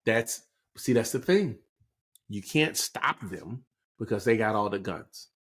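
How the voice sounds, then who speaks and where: A man's voice: on the low side, animated, unhurried, a bit bright. Guy on a podcast, explaining stuff casually, keeps saying right?. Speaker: podcast co-host. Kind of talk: casual political chat.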